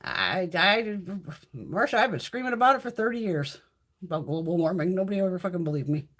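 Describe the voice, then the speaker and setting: A woman's voice: fairly low pitch, expressive, fairly quick. A middle-aged woman hosting a casual live stream, chatting freely with viewers, swearing a lot and reading out their comments. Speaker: beauty channel host.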